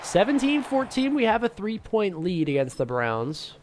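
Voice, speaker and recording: A young man giving casual, excitable commentary over a football video game, swinging between hype and grumbling. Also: fairly high pitch, moderate pace. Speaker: gaming YouTuber. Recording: noisy background.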